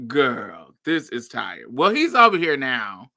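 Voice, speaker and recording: A woman's voice: very deep voice, a little slow, hardly any pauses. A woman from Indiana hosting her show, telling a personal story in a storytime monologue, acting out the people in it and laughing often. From Indiana, USA. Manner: animated, acts out every voice in the story. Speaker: podcast host.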